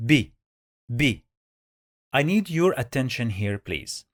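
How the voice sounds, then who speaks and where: Male teacher, slow, dry close sound, repeats sounds for beginners. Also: mid-range voice, big pitch swings, no room sound. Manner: drills sounds by repeating them many times. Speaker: Arabic reading teacher. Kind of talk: slow step-by-step pronunciation lesson.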